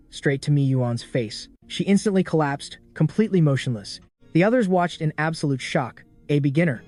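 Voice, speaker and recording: A man narrating a story recap in a brisk, dramatic scripted style. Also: a little high, darkish tone. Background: faint background music.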